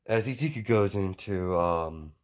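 A man's voice: deep voice, animated, measured pace. A man improvising a fan story, hesitant and rambling, chaining clauses with "as". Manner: hesitant, many fillers and restarts, chains clauses with "as".

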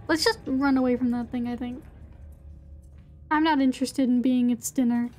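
Chatty young woman streamer, high voice. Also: steady tone, normal speed, pauses often, darkish tone, faint music behind. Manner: chatty, swears, answers chat. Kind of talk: casual gaming stream chat.

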